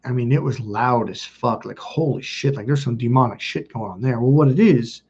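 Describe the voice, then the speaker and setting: Husky man, warm low timbre, blunt profane storytelling, dull lo-fi recording. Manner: blunt and profane, quick asides. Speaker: self-help video host. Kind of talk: casual confessional storytelling.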